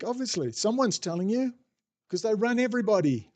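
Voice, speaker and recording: A man's voice: high voice, lively intonation, a little fast. A man hosting a casual livestream, rambling off the cuff, swearing freely and answering viewer chat as he goes. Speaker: livestream host.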